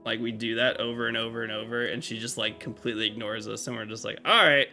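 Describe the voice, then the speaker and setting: A man's voice: on the low side, monotone, quick pace, vocal fry, bright, forceful tone. A man chatting casually on a live game stream, rambling with lots of fillers and restarts. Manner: rambling, filler-heavy talk with many restarts. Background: faint game music.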